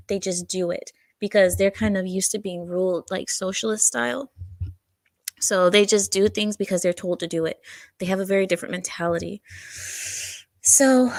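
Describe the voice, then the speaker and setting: A woman's voice: mid-range voice, no echo. A woman co-hosting a casual political talk stream, reading viewer comments aloud, a little out of breath and searching for words as she goes.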